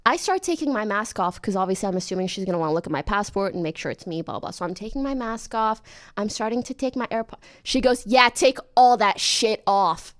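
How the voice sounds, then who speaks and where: A woman from Canada, a streamer, telling a story in a casual, animated way and jumping into high voices when she quotes herself. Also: fast. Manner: animated, jumps into high-pitched voices for her own quoted lines.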